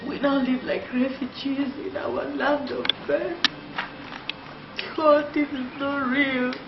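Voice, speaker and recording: A desperate tearful daughter. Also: female voice, high voice, steady tone, slow pace, background noise. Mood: distraught. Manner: pleading, tearful. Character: grieving young woman, desperate and tearful. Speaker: actress playing a distressed daughter. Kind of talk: Nollywood film acting. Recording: roomy, distant, muffled sound under music.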